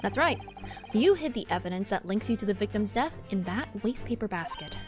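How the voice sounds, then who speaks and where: A woman voicing a composed young male defense lawyer in a game, with a measured, deliberate accusing tone. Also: mid-range voice, animated, over music, lightly acted. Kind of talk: voicing a game character on stream.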